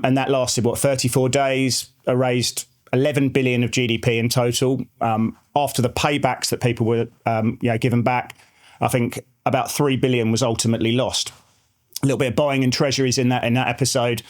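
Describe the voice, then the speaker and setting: A man in his forties who heads market research, co-hosting a finance show in a casual, rambling chat full of fillers and restarts. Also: mid-range voice. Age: 40s.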